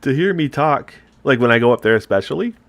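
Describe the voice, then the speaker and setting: A middle-aged man from upstate New York talks casually as he paints miniatures. His voice sits at an ordinary pitch, and he wanders into rambling, chatty asides. He sounds like a relaxed hobby host walking through his technique. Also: quick pace. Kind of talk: casual chat while painting.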